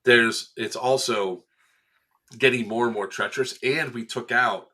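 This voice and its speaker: Lively man telling airsoft stories. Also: mid-range voice, unhurried. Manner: animated storyteller, acts out quotes with laughs. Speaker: event staff member recounting a game. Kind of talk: casual podcast chat.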